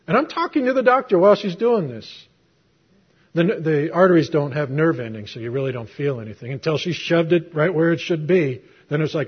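A middle-aged man delivers a sermon in a slightly high, husky voice. He tells his story conversationally and throws rhetorical questions at the congregation. The recording is muffled and lo-fi. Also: expressive, fairly quick. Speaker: preacher. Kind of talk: sermon with personal testimony.

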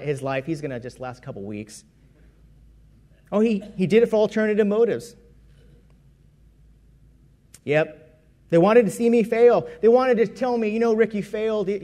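A man with a noticeably high voice delivers a sermon built around his own testimony. He tells it like a conversation, restarting and correcting phrases as he goes. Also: warm tone. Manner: conversational storytelling with self-corrections. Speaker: preacher.

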